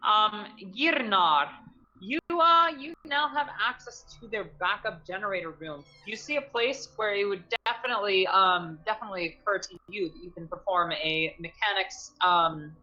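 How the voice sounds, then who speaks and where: A woman running a tabletop game as game master, narrating with many halting ums and restarts. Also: medium pitch, lively intonation, sharp tone, dull audio.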